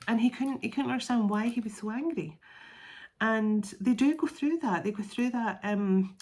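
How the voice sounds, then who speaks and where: A woman's voice: fairly high pitch, a little fast, a little mellow. A middle-aged woman giving a casual, rambling spoken tarot reading. She laughs often and restarts her phrases. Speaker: tarot reader.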